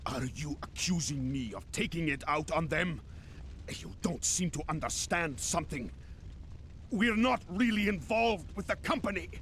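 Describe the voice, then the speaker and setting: An actor playing a grim, stubborn, wounded mercenary commander, with stiff, earnest game dialogue. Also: male voice, on the high side, animated, normal speed, a bit bright, a little hiss or hum. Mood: defiant.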